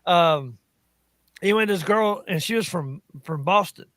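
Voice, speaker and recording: A man's voice: high-pitched, a little slow, fairly bright tone, dry recording. A man with a Southern Appalachian accent, telling stories in casual chat with a laugh never far off. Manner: chatty storyteller, laughs often.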